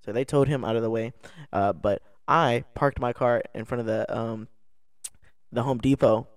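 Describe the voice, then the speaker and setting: A young man tells a story on a podcast in a mid-pitched, everyday voice. He rambles, restarts his sentences and laughs as he goes. The recording is dry and close, with no room sound. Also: moderate pace, no echo. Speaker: podcast co-host. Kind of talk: casual storytelling chat. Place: indoor podcast setup.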